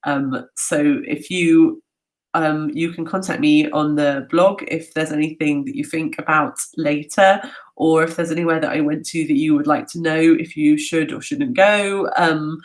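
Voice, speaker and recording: A woman's voice: low voice, poor audio. Chatty woman hosting a live Q&A. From half British. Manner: chatty and self-mocking, with many fillers and restarts. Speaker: travel speaker answering audience questions. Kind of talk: casual live Q&A chat.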